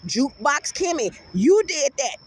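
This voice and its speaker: Brash woman vlogger, AAVE, high-pitched, profane, animated rant delivery. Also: a little slow. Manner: brash, profane, animated, swings into loud outbursts. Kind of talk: casual rant to camera.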